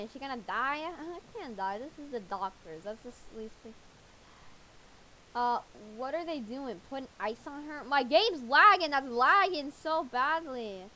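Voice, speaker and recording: A woman giving casual, jokey gameplay commentary with excitable reactions. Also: high-pitched, low-quality recording. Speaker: gamer.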